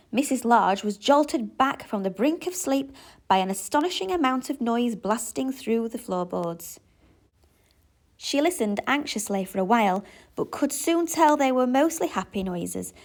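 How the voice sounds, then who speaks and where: A woman teacher reading a children's picture book aloud in an expressive, clear way. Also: a little high, a little slow. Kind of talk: storybook read-aloud.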